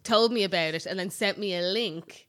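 A woman's voice: mid-range voice, normal speed, a bit bright. Irish woman co-host, young, casual chatty, swears a lot. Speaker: podcast co-host. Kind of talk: casual chat.

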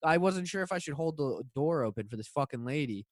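A man's voice: a little high, expressive, fairly quick, dry recording, clean studio sound. A man chatting casually, rambling and swearing as he laughs through his stories. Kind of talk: casual chat.

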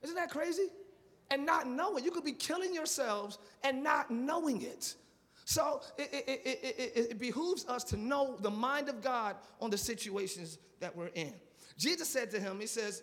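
A male pastor preaching a live sermon, animated and repetitive, asking the congregation for responses and dropping into casual slang. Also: extremely high pitch, normal speed. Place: church sanctuary. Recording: long reverb of a large church.

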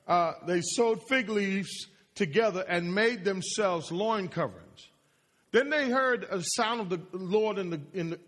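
A man preaching in a sermon, his voice high and a little husky. He throws questions to the congregation and repeats lines for emphasis, with a long reverb trailing behind him in the hall. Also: fairly bright tone. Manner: call-and-response, questions to the congregation; repeats phrases, rising and falling emphasis.

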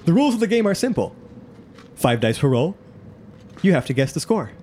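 A man voicing a booming, showy male game-show announcer. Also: very animated, brisk, darkish tone, slight background noise. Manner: showy, theatrical.

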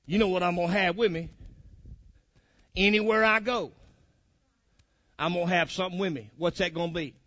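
High-voiced fiery preacher. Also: male voice, moderate pace, long pauses, a bit bright, dry recording. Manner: fiery and colloquial, calls out to the congregation. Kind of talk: sermon. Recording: muffled lo-fi recording.

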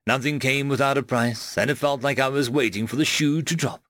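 A man narrating a first-person fiction audiobook in a measured, expressive storytelling manner. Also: medium pitch, dry recording.

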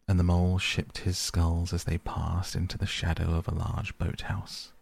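A man reads a classic animal story in calm, measured narration. His voice sits very low, with a gravelly grain and a husky edge. The sound is dry and close. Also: no room sound.

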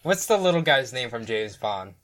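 A man's voice: mid-range voice, sing-song, moderate pace, a bit bright. Laughing, chatty male podcast host. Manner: laughing, reads out news stories. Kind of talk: casual podcast chat.

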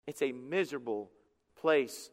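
Impassioned pastor preaching in a reverberant hall. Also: male voice, medium pitch, a little slow. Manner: impassioned, swinging between loud and hushed. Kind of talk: sermon.

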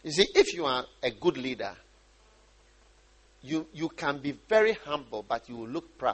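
A man from Ghana preaching a sermon, animated and often repeating and restarting his phrases. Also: on the high side, moderate pace, long pauses.

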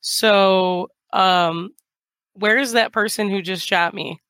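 A woman's voice: mid-range voice, fairly even intonation, takes it slowly, a bit bright, no echo, studio quality. A woman playing a tabletop game, casual and joking. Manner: joking, playful. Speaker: player.

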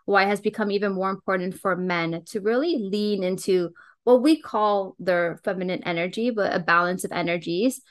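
A woman hosts a podcast with eager, gushing warmth in her words, her pitch sitting in an ordinary middle range. She talks in a loose, chatty way, piling on praise for her guest. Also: moderate pace. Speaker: podcast host. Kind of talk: casual podcast interview.

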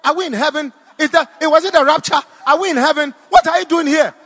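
A man voicing a panicked woman church member who shrieks frantic questions, in a long-reverb hall. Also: quick pace. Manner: high shouted cries, frantic repeated questions.

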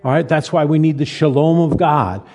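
A man's voice: on the high side, darkish tone. Older male pastor, folksy sermon in a hall. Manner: folksy, halting restarts, self-deprecating humor. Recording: reverberant hall.

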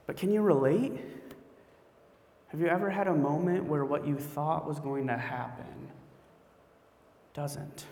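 A male pastor preaching a sermon in a conversational, storytelling way, with animated asides. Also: on the high side, unhurried, long pauses, a little hiss or hum. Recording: echoey hall with long reverb.

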